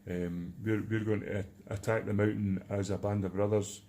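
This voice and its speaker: A man's voice: on the low side, little pitch movement, normal speed, warm tone. A man with a Scottish accent chatting in a jokey, rambling way in a casual vlog before a charity trek. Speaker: charity trekker.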